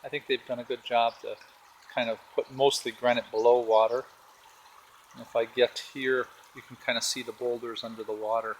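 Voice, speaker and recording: A man's voice: mid-range voice, moderate pace, slight background noise, poor audio. A man casually walking through his backyard garden, pointing out rocks and plants as he films. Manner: relaxed, pointing things out as he walks. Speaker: homeowner giving a garden tour. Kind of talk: casual walking video tour. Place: outdoors in a backyard garden by a pond. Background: faint outdoor ambience with birds and a jet.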